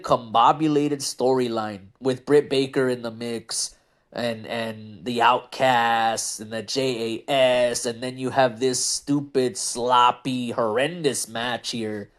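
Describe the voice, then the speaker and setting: A man in the middle of a casual wrestling review, his voice sitting at an ordinary pitch. He rants with open frustration, circling back over the same complaints. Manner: frustrated, ranting, repeats himself.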